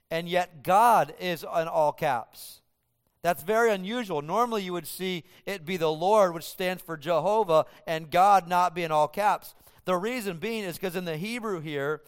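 A man from the United States preaching a sermon, moving between loud emphatic lines and hushed ones. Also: on the high side, clean tone. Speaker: pastor. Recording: long hall reverb.

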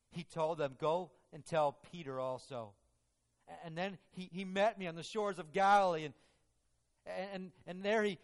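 Peter, a preacher voicing a repentant apostle. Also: male voice, on the high side, lightly acted. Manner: earnest, pleading, emotional. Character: remorseful, devoted apostle Peter, adult man. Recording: long reverb of a large hall.

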